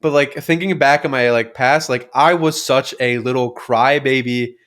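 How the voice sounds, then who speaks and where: A young man on a casual podcast, rambling through childhood stories with constant fillers and casual swearing. His voice sits at an ordinary, middle pitch for a man. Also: steady tone, moderate pace, fairly bright tone. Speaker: podcast co-host. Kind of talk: casual chat.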